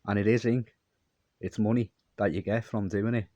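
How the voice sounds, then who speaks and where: A man's voice: on the low side, steady tone, moderate pace, dark tone, no echo. A man telling a long, meandering story in a repetitive monologue. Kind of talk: rambling monologue.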